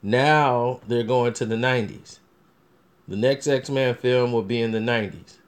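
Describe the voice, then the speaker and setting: Man, movie review vlogger, casual rambling commentary, mid-pitched voice, loose delivery with restarts. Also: measured pace. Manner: rambling, loose talk with many restarts and fillers.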